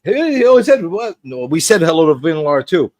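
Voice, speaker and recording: Male livestream host, playful and needling, lively pitch, dry sound. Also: quick pace, no echo. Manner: animated and teasing, jumps between high and low. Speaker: host of a pop culture livestream show. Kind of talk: casual livestream chat.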